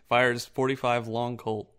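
A man's voice: mid-range voice, little pitch movement, takes it slowly, a bit bright, clear, resonant tone. A man co-hosting a podcast in loose, profane casual chat, laughing often. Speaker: podcast co-host.

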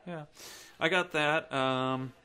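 A man's voice: on the high side, steady tone, slow, sharp tone. A man hosting a podcast at his own house party, chatting casually, swearing a lot and laughing. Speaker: podcast host. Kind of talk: casual chat.

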